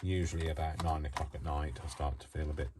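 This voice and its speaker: A man with a low voice chats his way through a crafting tutorial. He wanders off into self-mocking asides. His faulty microphone buries the voice in loud noise. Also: steady tone, quick pace. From United Kingdom. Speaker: crafting channel host.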